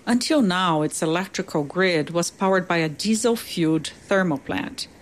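A woman news reporter narrating a scripted field report with clear, deliberate delivery. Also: lowish voice, expressive.

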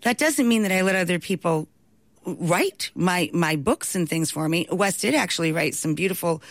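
A woman being interviewed, telling stories in an animated way and laughing often. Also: lowish voice, moderate pace, no echo. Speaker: guest, talk show host and cookbook author. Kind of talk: anecdotal storytelling in an interview.

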